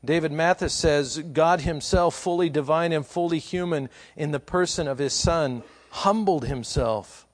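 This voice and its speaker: A man preaching a sermon in a fairly high voice. He asks the congregation questions and leans hard on repeated phrases, slowing down to stress each one. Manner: rising to emphatic, slow, stressed repetitions. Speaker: pastor.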